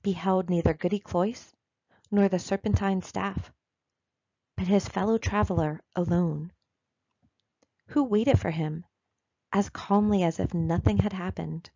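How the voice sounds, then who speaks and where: A woman reading a classic short story aloud in a measured, even storytelling voice. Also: mid-range voice, no echo, lo-fi sound. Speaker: reader.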